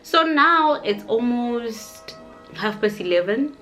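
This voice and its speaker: A young South African woman with a South African accent, telling a story in an animated, chatty way. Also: on the high side, takes it slowly. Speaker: YouTuber. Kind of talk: casual storytime. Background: faint background music.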